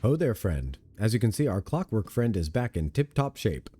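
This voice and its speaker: A man's voice: on the low side, very animated, normal speed, dark tone, husky, dry recording. A man reading aloud the lines of a plain-spoken male adventurer companion from a video game, in his own everyday voice. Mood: matter-of-fact.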